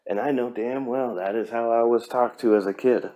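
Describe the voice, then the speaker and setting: A man's voice: mid-range voice, steady tone, moderate pace, dull audio. A man hosting a podcast, giving a blunt, profane pep talk in a casual monologue. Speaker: podcast host.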